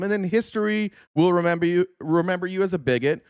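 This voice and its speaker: A man live-streaming a political rant, arguing back at his chat in quick bursts. His voice sits fairly high for a man, and the sound is close and dry with no room echo. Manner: argumentative, rapid-fire.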